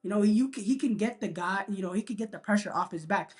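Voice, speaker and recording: A man's voice: high-pitched, quick pace. A man co-hosting a sports talk show, making a long emphatic point and leaning on "you know" as he argues. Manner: emphatic, repeats himself, lots of "you know". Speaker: sports podcast co-host. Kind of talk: casual sports debate.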